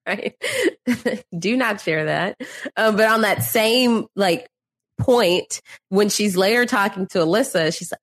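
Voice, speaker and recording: A woman's voice: mid-range voice, slow pace. A woman co-hosting a podcast, chatting casually with frequent laughter and exasperated remarks. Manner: laughs often, exasperated commentary. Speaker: podcast co-host. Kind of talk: casual recap chat.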